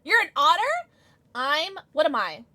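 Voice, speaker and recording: Woman, streamer, casual live chat, giggly, bubbly, high voice, very animated pitch. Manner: bubbly, giggly, greets chatters rapidly. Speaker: Twitch streamer.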